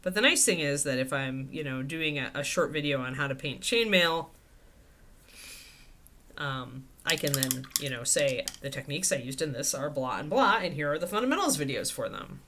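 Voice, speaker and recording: Chatty woman with a lively, low voice. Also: normal speed. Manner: chatty, thinks aloud with fillers. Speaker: miniature painting instructor. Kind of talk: casual live painting stream talk. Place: home painting desk.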